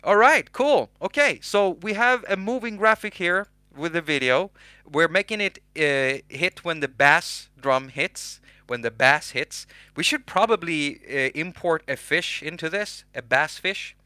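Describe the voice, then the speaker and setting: A man hosting a casual software tutorial, chatty and self-mocking. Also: fairly high pitch, animated, a little slow, clean tone, no echo. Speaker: host.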